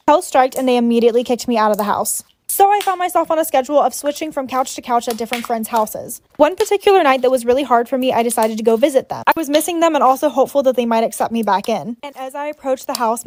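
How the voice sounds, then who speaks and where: A young woman narrating a personal story in a brisk, dramatic storytime voice-over. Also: on the high side, a little mellow.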